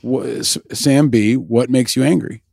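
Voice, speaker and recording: A man interviewing a guest in a measured, reasoning way, often restarting his sentences. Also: medium pitch, vocal fry, a little mellow. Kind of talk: interview conversation.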